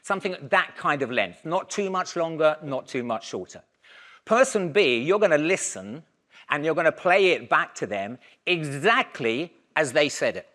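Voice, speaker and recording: A man giving a conference keynote, talking in a lively, conversational way and raising his voice to give the audience instructions. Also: on the high side, normal speed. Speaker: keynote speaker.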